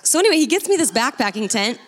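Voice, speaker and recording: A young woman, a missionary speaker, telling a lively faith testimony with laughter and acted-out dialogue. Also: high-pitched, quick pace. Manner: animated, laughing, acts out dialogue. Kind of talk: testimony storytelling.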